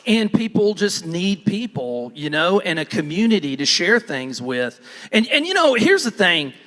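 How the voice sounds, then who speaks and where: A real estate team leader gives a folksy, rambling motivational talk on stage in a large conference hall, often interrupting himself to restart sentences. His high voice is sing-song, moderately paced and a bit bright, ringing with the hall's long reverb.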